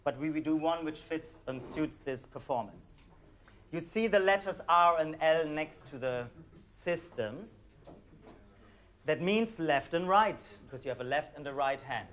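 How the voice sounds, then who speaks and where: A man with a German accent, calmly guiding a live audience through a performance score, with hesitant fillers. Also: a little high, measured pace. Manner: calm, instructive, hesitant with fillers.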